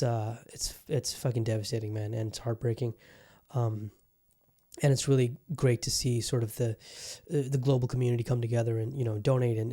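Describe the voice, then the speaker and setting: A man's voice: mid-range voice, dark tone. A man hosting his own podcast, talking casually and rambling with lots of swearing, moving from somber to heated. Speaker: podcast host. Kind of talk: casual solo podcast rant.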